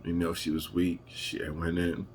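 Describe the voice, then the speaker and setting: A man telling a personal family story to camera, emotional and halting as he searches for words. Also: deep voice, flat delivery, slight background noise. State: emotional, holding back tears. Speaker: vlogger.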